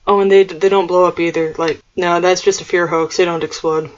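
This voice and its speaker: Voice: mid-range voice, little pitch movement, a little fast, lo-fi sound. A vlogger delivering a solo monologue rant in a scornful, mocking, conspiratorial manner.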